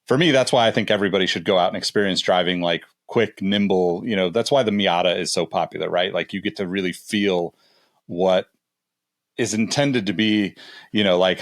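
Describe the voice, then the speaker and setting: A man's voice: sits low, no room sound, studio quality. A man co-hosting a podcast, explaining things in a casual way with many fillers. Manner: explanatory, lots of "you know". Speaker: podcast co-host.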